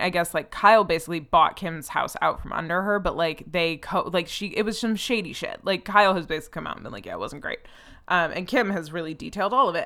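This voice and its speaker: A woman's voice: on the low side, fairly bright tone. A young woman hosting a podcast, talking casually and with strong opinions, full of fillers and frequent swearing. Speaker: podcast host.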